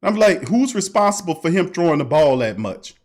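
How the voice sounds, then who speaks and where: High-voiced New man, animated sports talk. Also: a little fast. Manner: animated, repetitive, emphatic, often laughing. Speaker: sports talk show host. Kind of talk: casual sports talk livestream.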